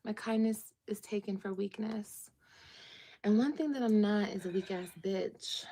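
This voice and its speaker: A woman's voice: mid-range voice, measured pace, mellow. A pregnant woman ranting on a livestream, profane, repetitive and defiant. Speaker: livestreamer in a played clip.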